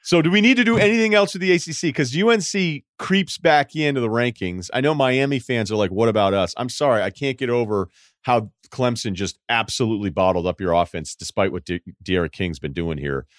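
A man hosting a sports podcast, telling stories in casual chat with quick asides. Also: mid-range voice, no room sound, clean studio sound. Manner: animated storyteller with quick asides. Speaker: podcast host.

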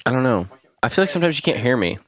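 A man's voice: medium pitch, very animated, racing. A man co-hosting a podcast in casual chat, who teases the others and tells stories. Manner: teasing, storytelling. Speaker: podcast co-host.

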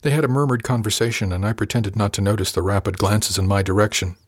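A man with a low voice narrates a first-person tale in an even, wry storytelling manner. The recording is dry and close, with no room around him. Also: quick pace, no echo. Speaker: audiobook narrator.

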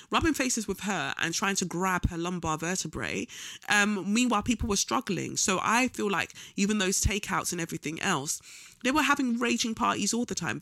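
Blunt slangy man with a bright voice. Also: high-pitched, dry recording, studio quality. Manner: blunt, scornful, slangy, with frequent ums. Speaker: vlogger. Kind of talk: casual political commentary monologue.

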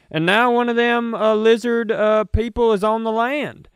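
Male co-host, mid pitch, smooth, resonant voice with a dry close sound; teasing and meandering. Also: fairly even intonation, moderate pace, few pauses, dry recording. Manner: rambling, teasing, musing tangents. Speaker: podcast co-host. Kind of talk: casual comedic chat.

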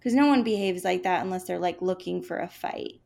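A young adult woman co-hosting a chat show tells an animated story packed with "like" fillers and acted-out quotes. Her lowish voice is creaky and brisk.

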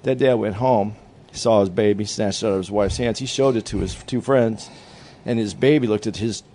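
A man who is a stand-up comedian, telling a dark joke as a story in casual, profane podcast talk. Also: lowish voice, moderate pace, a little hiss or hum.

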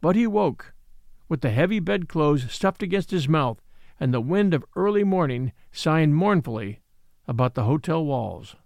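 Expressive male audiobook narrator. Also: fairly high pitch, normal speed, gravelly, no room sound. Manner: dramatic, expressive reading.

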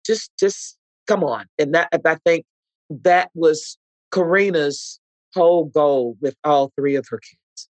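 A woman's voice: low voice, slow pace, a little mellow, no room sound, poor audio. Earnest middle-aged woman, dry close sound. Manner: heartfelt, earnest storytelling with acted-out quotes. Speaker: actress guest. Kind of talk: podcast interview.

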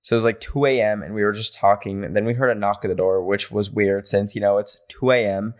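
A man hosting a podcast, reading listener stories aloud and reacting playfully with animated asides. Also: fairly low pitch, fast. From rural area. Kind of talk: casual podcast chat.

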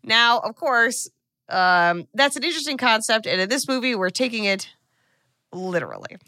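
A woman co-hosting a podcast, recapping a film in casual chat, animated and full of fillers and asides. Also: on the high side, normal speed, no echo, clean studio sound. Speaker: podcast co-host.

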